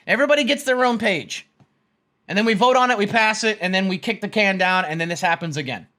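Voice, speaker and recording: High, bright-voiced man ranting. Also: fast. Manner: blunt, swearing, repeats himself. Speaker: stock trading streamer. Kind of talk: casual rant.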